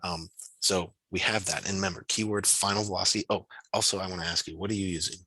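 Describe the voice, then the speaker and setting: A man's voice: deep voice, fairly even intonation, fast talker, bright, forceful tone, husky, no echo, rough recording. A man tutoring physics over a video call, talking through his reasoning aloud in a casual, encouraging way. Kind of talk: online tutoring session.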